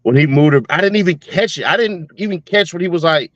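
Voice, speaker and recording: A man's voice: fairly high pitch, quick pace, a bit bright, no echo. A man hosting a casual chat in a laid-back, rambling way, often restarting his sentences. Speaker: host. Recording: dry, dull lo-fi sound.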